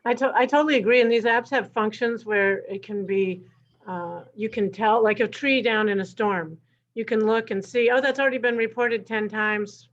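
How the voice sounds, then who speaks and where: A woman's voice: on the high side, steady tone, moderate pace. Woman on a dull lo-fi line. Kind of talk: budget hearing remarks.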